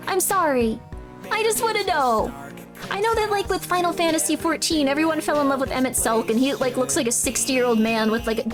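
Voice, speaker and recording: A woman streamer chatting casually while playing, gushing and rambling with lots of apologies. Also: high voice. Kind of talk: casual live-stream chat. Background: game music.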